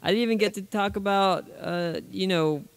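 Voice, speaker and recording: Chill podcast guy, smooth clear voice, dry close sound, says uh a lot. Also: high-pitched, moderate pace, no room sound. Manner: laid-back, steady, hesitates with fillers. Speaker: podcast co-host. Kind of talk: casual chat.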